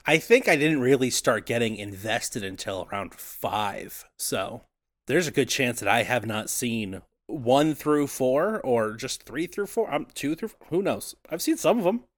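A man chats casually as a podcast co-host, laughing easily between lines. His pitch moves a lot as he jokes around. The sound is dry and close-miked. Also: expressive, measured pace, no room sound. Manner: laughing, easygoing banter. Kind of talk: casual comedy chat.

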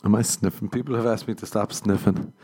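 A young podcast host with a lowish, dark voice talks fairly quickly in a steady tone. Alone on his casual show, he rambles crudely and laughs at his own jokes.

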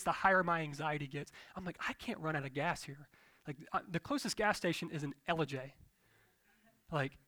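A young man preaches with a bright, fairly high and forceful voice. He tells his story in an animated, self-deprecating way, joking with the room. The recording is dry and close, with no room sound. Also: no echo. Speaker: pastor. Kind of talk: sermon.

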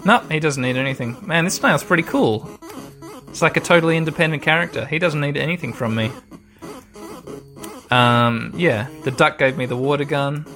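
A man's voice: fairly high pitch, moderate pace, pushed and bright. Man, gamer, casual commentary, rambling, foul-mouthed, faint music behind. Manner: laid-back and rambling, swears freely. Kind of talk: casual let's-play commentary.

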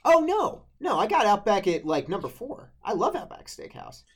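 A young man co-hosting a podcast in casual chat, animated and laughing easily, with stammering restarts. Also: sits high, normal speed. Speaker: podcast co-host.

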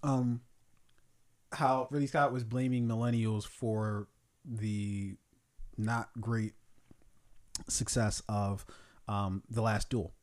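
Male podcast co-host, casual, profane, animated storyteller. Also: lowish voice, takes it slowly, long pauses. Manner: profane, laughing, acts out quotes. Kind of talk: casual chat.

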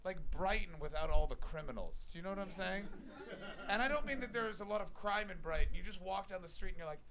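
A man from Ontario, Canada, with a Canadian accent, doing loud, profane stand-up crowd work as a comedian and podcast host on a stage mic. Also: sits high, expressive, a little fast. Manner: loud, brash, profane teasing of the audience. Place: comedy stage before a live audience. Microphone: handheld stage microphone. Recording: live venue with a loud crowd.

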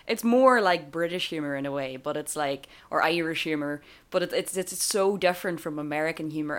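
A woman co-hosting a podcast, chatting casually about a film with many fillers and restarts. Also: low-pitched. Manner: chatty, laughs often, trails off with fillers. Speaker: podcast co-host.

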